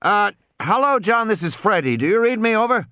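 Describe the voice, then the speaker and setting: A man voicing a gruff boat captain who drawls impatiently over a radio in an audiobook. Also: sits high, very animated, brisk, sharp tone, dry recording, voice pushed up, exaggerated voice. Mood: calling.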